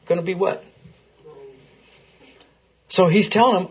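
A man's voice: high-pitched, sing-song, a little slow, pauses often, husky, muffled recording. A man leading an interactive Bible class, asking his listeners questions in a conversational way.

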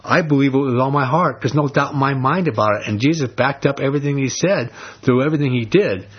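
Male pastor, emphatic, plainspoken sermon delivery, husky tone, dull recording. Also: mid-range voice, fast talker. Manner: blunt, emphatic preaching with casual slang.

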